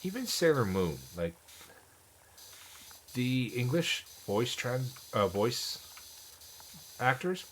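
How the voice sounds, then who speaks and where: A man's voice: medium pitch, sing-song, takes it slowly, pauses often, a little hiss or hum, poor audio. A man streaming a game and chatting casually with viewers, rambling with many restarts. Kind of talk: casual chat while gaming.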